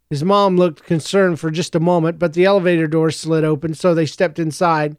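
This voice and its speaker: A male narrator reading a story with a steady, even delivery. His voice is high for a man and smooth, and the recording is close and completely dry. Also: a little fast, hardly any pauses, no room sound. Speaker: audiobook narrator.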